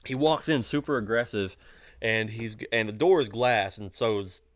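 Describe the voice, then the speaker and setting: A man's voice: lowish voice, normal speed. Laughing young man telling stories. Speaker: podcast co-host. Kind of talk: casual chat, storytelling.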